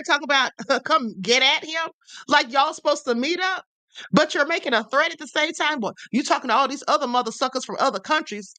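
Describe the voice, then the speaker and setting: A woman's voice: high voice, pushed and bright, dry recording. A woman hosting a livestream, giving sassy, emphatic commentary and calling viewers honey. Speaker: livestream host.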